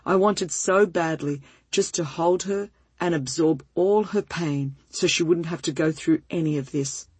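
A woman reading a first-person story aloud in a gentle, heartfelt and measured way, with a breathy voice. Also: sits low, no room sound. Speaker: narrator.

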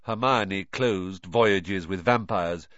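A man narrating a storybook in an animated, dramatic reading. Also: deep voice, takes it slowly, dry recording, dull audio. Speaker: audiobook narrator.

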